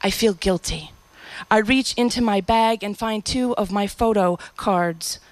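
A woman's voice: medium pitch, measured pace, no echo. A woman performing a spoken-word story in a reflective, poetic and emotional way.

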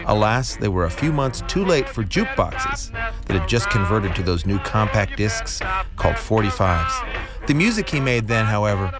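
A man narrating a documentary script in a measured way. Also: fairly low pitch, sing-song. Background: music.

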